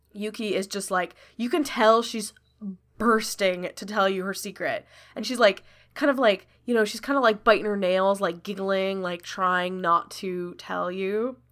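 A woman's voice: medium pitch, fairly bright tone. A woman narrating as game master in a casual tabletop role-play, chatty and often laughing. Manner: laughing, chatty, lots of fillers.

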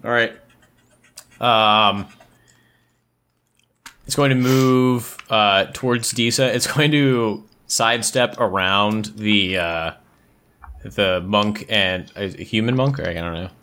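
Guy with a bright, sharp voice running the enemy at a tabletop game, bantery. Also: on the low side, takes it slowly, pauses often. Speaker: co-game master. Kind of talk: casual tabletop game chat.

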